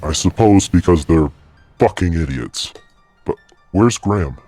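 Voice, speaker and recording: A man doing a deep gruff werewolf. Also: animated, unhurried, mellow, faint music behind. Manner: curt, swears often. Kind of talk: in-character tabletop role-play.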